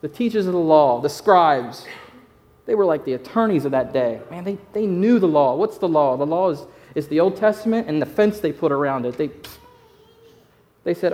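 Male pastor delivering a sermon: casual, emphatic, repeats phrases, slightly raised pitch. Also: expressive, brisk, dark tone.

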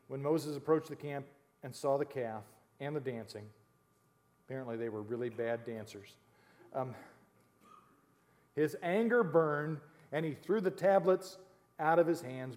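A male pastor preaching a sermon, reading scripture aloud and breaking off into animated, laughing asides to the congregation. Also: mid-range voice, normal speed, long pauses. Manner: animated, jokey asides with laughs, reads scripture then explains.

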